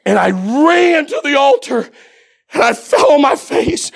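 A man preaching a sermon, telling a story with animation and swinging from hushed tones up to shouting. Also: very high voice, very animated, a little slow, creaky.

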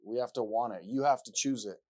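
A man preaching a sermon, repeating himself and rising from quiet passages to loud ones. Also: mid-range voice, brisk.

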